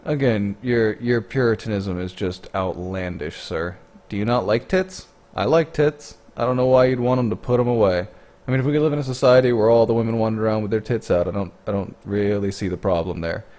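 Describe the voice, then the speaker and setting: A man with a fairly low voice talks over a video, sarcastic and blunt, swearing freely. He mocks what he hears with dry scorn. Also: fairly quick, darkish tone. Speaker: commentator. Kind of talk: sarcastic commentary.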